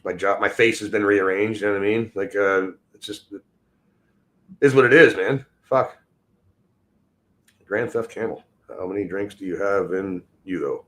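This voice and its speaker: A man's voice: on the low side, moderate pace, long pauses, a bit bright. A middle-aged man who mumbles and slurs his words, hosting a livestream and ranting at his chat with constant swearing. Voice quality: mumbling, slurred diction. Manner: crude, swearing, combative toward chat. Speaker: livestream host. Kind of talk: profane casual rant.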